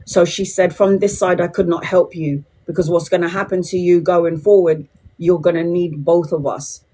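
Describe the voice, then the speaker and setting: A woman's voice: on the low side, fairly even intonation, moderate pace, mellow, a little hiss or hum. A woman, chatting bluntly and swearing freely with viewers as a tarot reader on a livestream. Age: 40s. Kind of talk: casual livestream chat to viewers.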